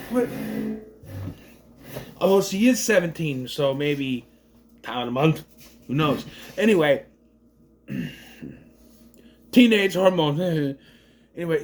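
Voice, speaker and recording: A man casually retelling and reviewing a movie in a rambling, animated way with lots of fillers. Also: medium pitch. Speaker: video reviewer.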